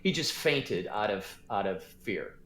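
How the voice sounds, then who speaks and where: A man's voice: fairly low pitch, expressive, a little slow, fairly bright tone, echoey room. A man running a tabletop game as game master, narrating in a loose, hesitant way with lots of fillers.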